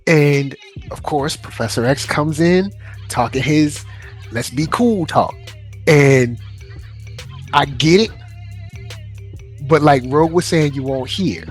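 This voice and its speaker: A man hosting a casual fan chat about a cartoon, animated and joking, acting out characters as he talks. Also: on the high side, slow, long pauses, soft background music. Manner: animated, acts out characters in skits. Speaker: podcast host.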